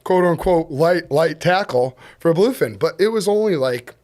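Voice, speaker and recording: A man, a fishing captain guest on a podcast, telling a story casually, laughing often and acting out quotes in a higher voice. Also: animated, normal speed, darkish tone. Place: podcast studio.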